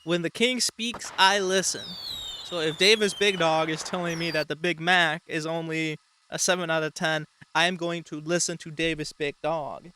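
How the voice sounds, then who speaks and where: A man's voice: on the high side, pushed and bright, a little hiss or hum. A man hosting a show, talking in a rambling, mock-serious casual way with frequent swearing. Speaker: show host. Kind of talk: casual comedic commentary.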